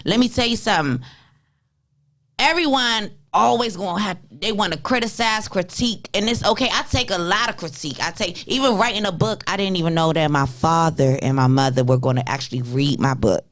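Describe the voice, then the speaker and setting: A woman's voice: fairly low pitch, brisk, fairly bright tone. A woman co-hosting a talk show who tells stories in a casual way and acts out the voices of the people in them. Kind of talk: casual storytelling chat.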